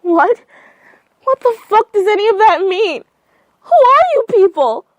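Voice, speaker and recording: A woman's voice: very high-pitched, animated, measured pace, no room sound, pitched above the performer's own voice. A woman voicing a terrified, furious woman who screams and strains her voice, reading a creepy story. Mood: screaming.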